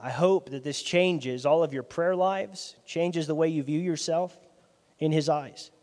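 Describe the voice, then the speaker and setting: A male pastor preaching a sermon in a lively, conversational way, his loudness swinging from soft asides to sudden bursts. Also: a little high, a little slow. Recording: long hall reverb.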